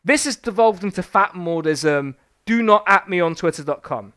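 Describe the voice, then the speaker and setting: A man's voice: high voice, lively intonation, normal speed, pushed and bright. Sweary, sarcastic man ranting on stream. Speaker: streamer reviewing a book. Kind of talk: live-stream book review commentary.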